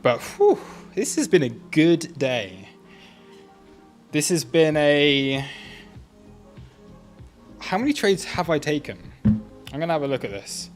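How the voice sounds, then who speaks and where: A man's voice: on the high side, sing-song, slow pace, pauses often, soft background music. A man hosting a live trading stream, talking casually and laughing at himself often. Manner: chatty, self-amused, laughs often. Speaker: livestream trading host.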